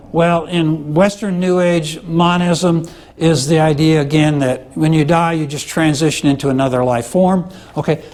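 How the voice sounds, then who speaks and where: A man with a slightly high voice teaches a class in an easy, conversational way. He keeps checking that his listeners follow with a quick "okay?" or "right?", and he fills his pauses with "uh" as he restarts his sentences. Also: darkish tone. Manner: explains with frequent "okay?" and "right?" check-ins; conversational, with many "uh" fillers and restarts. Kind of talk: classroom lecture.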